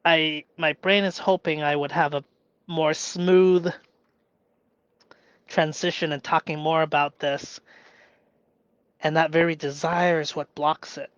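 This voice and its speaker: Slow, musing man thinking aloud. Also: on the high side, smooth, dry recording, lo-fi sound. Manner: slow and musing, with sudden bursts of excited cheering; thinks aloud with pauses, fillers and restarts. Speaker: live streamer. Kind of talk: reflective solo live-stream monologue.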